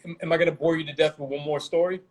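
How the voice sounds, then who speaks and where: Brooklyn-raised man, slightly high voice, loose and profane, spinning stories as an interview guest. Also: flat delivery, racing, low-quality recording. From Brooklyn, New York. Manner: rambling, heavy swearing, laid-back street slang. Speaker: guest rapper. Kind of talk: casual interview storytelling.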